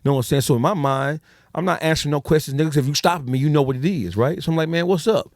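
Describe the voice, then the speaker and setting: Man, guest on a podcast, talks quick and swears a lot, dry close sound. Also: fairly high pitch, no room sound. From Detroit, USA. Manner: profane, street slang, acts out quoted dialogue. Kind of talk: casual storytelling.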